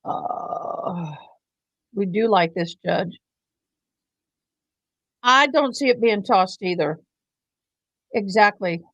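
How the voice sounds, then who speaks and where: A woman's voice: mid-range voice, animated, takes it slowly, pauses often, no echo, dull audio. A woman hosting a casual live commentary stream, chatty and teasing as she talks to her viewers. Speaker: livestream host.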